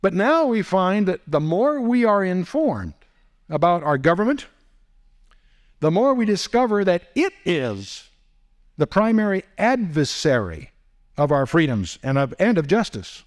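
A man's voice: sits high, very animated, a little slow. A man giving a teaching lecture as a Bible teacher, posing rhetorical questions and dropping wry asides. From United States.

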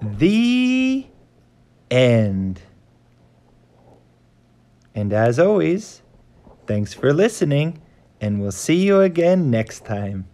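A man reading a simple children's story aloud for English learners, in a clear and expressive way. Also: medium pitch, slow pace, long pauses. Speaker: host of an English learning channel.

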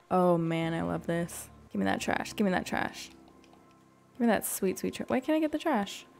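A woman giving soft, gushing commentary while playing a cozy video game at home, often gasping and dropping into whispers. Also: lowish voice, very animated, a little slow, gravelly, long pauses, soft background music. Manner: soft, gushing reactions, gasps and drops to whispers. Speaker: gaming YouTuber. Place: home room.

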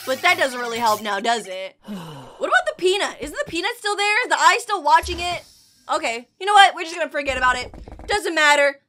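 A woman giving excitable, chatty reaction commentary while watching an animation. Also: sits high, slight background noise. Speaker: reaction video host.

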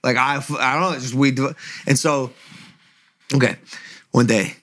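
A man's voice: mid-range voice, steady tone, a little slow, fairly bright tone. A young man in casual podcast chat, spinning a long personal story. He swears freely and lands his points with emphasis. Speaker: podcast host.

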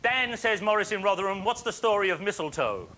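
A man presenting a phone-in quiz on a studio show, chatty and jokey with quick patter and frequent laughs. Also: high voice, expressive, pushed and bright. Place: TV studio with live audience. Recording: faint audience and studio noise.

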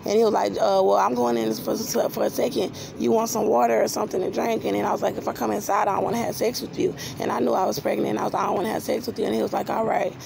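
Woman narrator with a gravelly, fry-heavy voice and flat intonation; rambling monologue, faint noise behind. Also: mid-range voice, racing, hardly any pauses. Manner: rambling, repeats herself, many restarts. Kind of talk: personal storytelling monologue.

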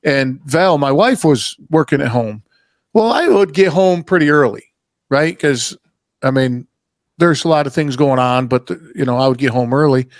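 Male podcast host, rowdy and talkative, slightly higher voice, dry recording. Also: no echo. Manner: loud, animated storyteller, swears freely. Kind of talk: casual chat.

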